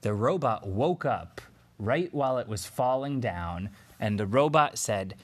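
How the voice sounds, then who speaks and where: A man telling an improvised bedtime story to a child, in a gentle way with pauses and fillers. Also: mid-range voice, lively intonation.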